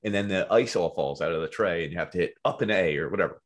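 Co-host, young man, Philly accent, lowish voice, playful and jokey. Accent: Philadelphia. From Philadelphia. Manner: playful, wordplay, quick laughs. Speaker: podcast co-host. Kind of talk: casual podcast banter.

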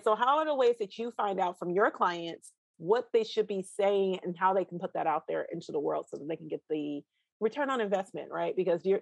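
A woman's voice: fairly low pitch, creaky, no room sound. A woman hosting an interview over a video call, chatty and upbeat, coaching on video content.

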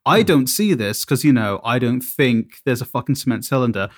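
A man's voice: medium pitch, lively intonation, moderate pace, no echo, clean studio sound. Sweary man telling a rambling story. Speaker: podcast co-host. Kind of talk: casual chat.

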